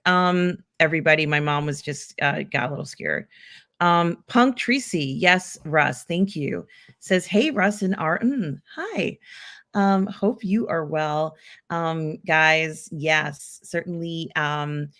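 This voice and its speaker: A woman's voice: low-pitched, slow pace, fairly bright tone. A woman hosting a casual live pop culture stream, reading out viewer comments in a rambling way with many filler ums.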